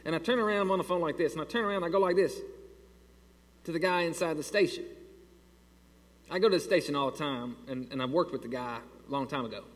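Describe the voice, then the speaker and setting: Pastor guy preaching, animated storyteller, pretty high voice, big echoey church sound. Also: fast talker, long pauses. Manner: animated, builds to loud exasperated storytelling. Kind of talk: sermon with a storytelling aside. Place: church sanctuary. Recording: long hall reverb.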